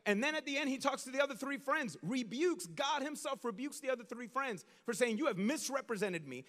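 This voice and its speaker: A male pastor delivers a sermon like a story told to friends, casual and slangy, acting out the people he talks about. His voice sits high for a man, and a long reverb trails after each phrase, as in a large church. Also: a little fast. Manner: animated, conversational, slangy storytelling.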